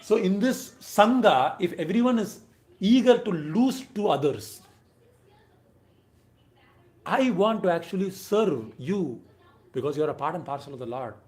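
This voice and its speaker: A man giving a devotional lecture, emphatic, swinging between loud and soft phrases and briefly chanting verses. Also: high voice, animated, a little slow, pauses often, echoey room.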